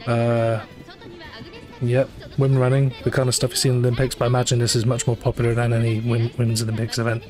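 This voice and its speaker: A man's voice: medium pitch, completely flat delivery, fast talker, a little mellow. A man livestreaming a game, talking casually with lots of fillers, restarts and dry asides, with faint game music behind. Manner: rambling, many fillers and self-corrections, dry asides. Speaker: livestreamer playing a gacha game. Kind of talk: casual live commentary.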